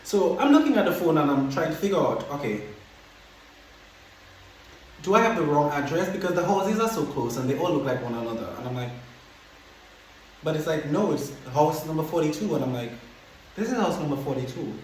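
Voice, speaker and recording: A man casually telling a personal story as a podcast host, animated and repeating himself as he acts out his reactions. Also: a little high, fairly quick, pauses often. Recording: very echoey room, faint background hiss.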